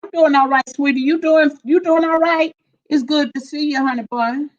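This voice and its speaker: A woman's voice: sits high, steady tone, normal speed, highs cut off. A woman hosting a casual livestream, laughing often as she greets viewers by name and reads their comments. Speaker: livestream host.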